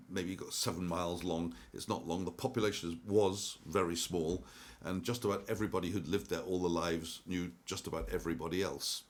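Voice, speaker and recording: Deep-voiced older man, rambling talk. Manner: rambling, with many ums and restarts. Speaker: investment commentator. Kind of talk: casual monologue.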